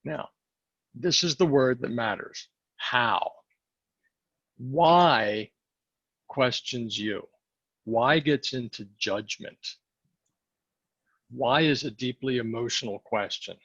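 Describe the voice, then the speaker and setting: A man coaching salespeople in a training session, hoarse and losing his voice, often checking the group follows him. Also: medium pitch, slow, pauses often, a bit bright, dry recording, muffled recording. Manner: coaching, asks the group questions. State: losing his voice, clearing throat.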